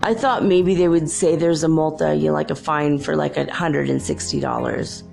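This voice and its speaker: Low, gravelly-voiced woman telling stories. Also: normal speed, darkish tone, faint music behind. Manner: rambling, chatty, laughs often. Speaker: podcast host. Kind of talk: casual storytelling monologue.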